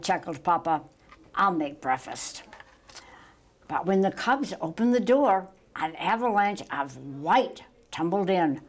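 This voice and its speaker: Slow, gentle older woman reading. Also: on the low side, expressive. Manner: slow, gentle, halting with small slips. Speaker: storytime reader. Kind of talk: reading a children's picture book aloud.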